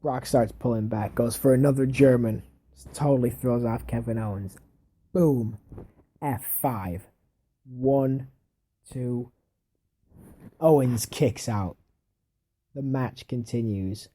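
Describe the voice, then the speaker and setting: Here a wrestling fan narrates a made-up match move by move, his medium-pitched voice dark in tone, with a faint hiss or hum in the audio. His storytelling is casual and slow, and he keeps fixing his own details along the way.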